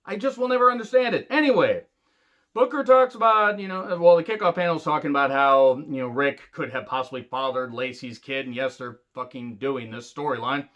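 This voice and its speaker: A man's voice: mid-range voice, a little fast, a bit bright, highs cut off. A man ranting angrily and sarcastically in a wrestling review, swearing heavily. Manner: angry, sarcastic, heavy swearing. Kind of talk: profane rant review.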